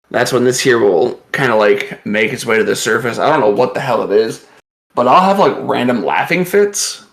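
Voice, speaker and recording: A man's voice: medium pitch, gravelly, a bit bright. A man co-hosting a podcast, telling rambling stories in casual chat and laughing often as he talks. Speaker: podcast co-host.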